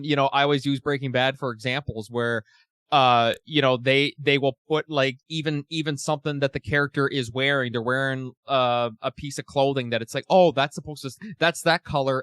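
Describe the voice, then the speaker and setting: A man hosting a podcast, talking in a rambling, animated way with many restarts. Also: mid-range voice, clean tone, dry recording, studio quality. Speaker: podcast host. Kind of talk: casual interview.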